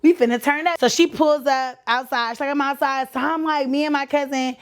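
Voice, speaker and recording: A young woman from Texas with a Texan accent, telling a story on her podcast in a casual, animated, slangy way, acting out the voices of the people in it. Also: sits high, brisk. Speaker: podcast host.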